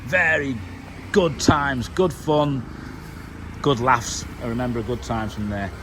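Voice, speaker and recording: A man's voice: mid-range voice, animated, slow, noisy background. Chatty British man rambling outdoors. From United Kingdom. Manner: chatty, loose and conversational with many fillers. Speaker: vlogger. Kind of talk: casual rambling monologue to camera.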